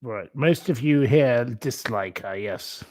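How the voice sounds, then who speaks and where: Brief: male live-streamer, scornful and rambling, slow with gravelly fry. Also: mid-range voice, a little mellow.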